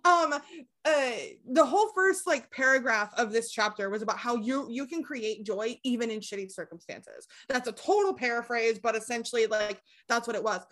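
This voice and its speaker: Young woman, podcast guest, candid and a bit high-voiced, swears casually, filler-heavy. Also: moderate pace, a bit bright. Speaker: podcast guest, abuse recovery coach. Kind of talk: casual interview storytelling.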